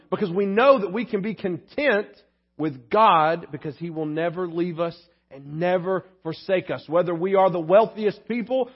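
A man preaches in a high, husky voice, earnest and mixing in light jokes. He often doubles his words as he goes, and the recording is dull and lo-fi. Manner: earnest, joking storyteller, repeats words as he goes. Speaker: pastor. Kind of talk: sermon.

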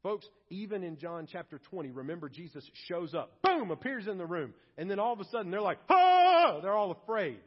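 A man's voice: sits high, animated, fairly quick, few pauses, breathy edge. A man preaching a sermon as pastor, emphatic, putting on comic voices for quoted people. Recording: dull, reverberant church recording.

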